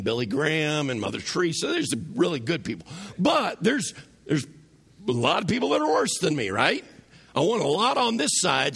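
A man's voice: on the high side, gravelly, fairly bright tone, breathy edge. A man preaching a conversational sermon to his congregation in a church, asking them questions as he goes. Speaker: pastor. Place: church sanctuary.

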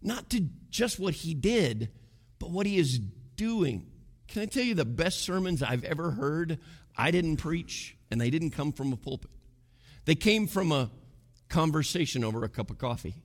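Pastor guy preaching, high voice swinging all over, keeps asking the room questions. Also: animated, normal speed. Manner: emphatic, conversational preaching with rhetorical questions. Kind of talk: sermon.

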